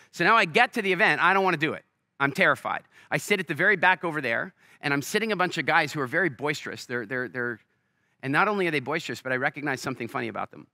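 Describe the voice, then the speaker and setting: A man's voice: medium pitch, no room sound, clean studio sound. A man giving a motivational talk on a festival stage, telling stories energetically and acting out the people in them. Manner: energetic storyteller, acts out quoted voices. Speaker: keynote speaker.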